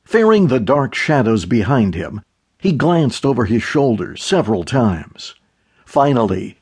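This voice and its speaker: A man narrating an audiobook in a steady, measured way. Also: mid-range voice, husky. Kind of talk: scripted narration.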